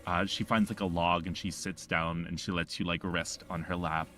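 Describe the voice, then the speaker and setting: Low-voiced, rambling male game master. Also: little pitch movement, sharp tone, a little hiss or hum. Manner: rambling, halting, lots of fillers and restarts. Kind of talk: narrating a tabletop game.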